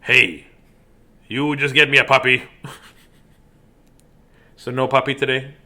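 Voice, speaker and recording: A man hosting a bedtime story video, hoarse, talking in a playful, silly way with pirate growls. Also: mid-range voice, little pitch movement, slow pace, pushed and bright. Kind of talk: casual bedtime sign-off to viewers.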